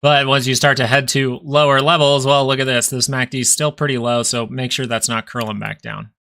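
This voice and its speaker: Here the young stock stream host delivers his chart commentary flatly and a little fast, his mid-range voice creaky yet bright and forceful. He's casually thinking aloud over the charts as he goes.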